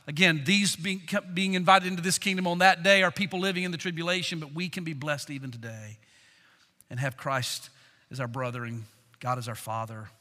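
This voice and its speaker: An older man preaching a sermon, fervent, swinging from loud declarations to hushed passages. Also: on the high side, big-room sound. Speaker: pastor.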